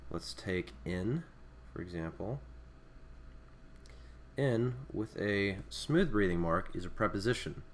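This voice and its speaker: A man's voice: lowish voice, animated, slow pace, long pauses, slight background noise. A man teaching a recorded Greek alphabet lesson, explaining off the cuff with many fillers and restarts. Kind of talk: screen-recorded language lesson.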